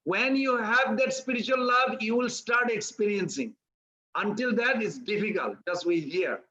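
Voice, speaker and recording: Bright high-voiced man telling a devotional story. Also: measured pace, highs cut off. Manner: animated storytelling, acting out characters. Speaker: preacher.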